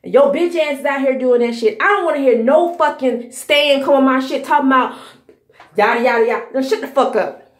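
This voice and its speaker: A woman's voice: high voice, a little fast, reverberant. A woman in her thirties hosting a podcast, delivering a heated, profane, scolding commentary rant. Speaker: podcast host.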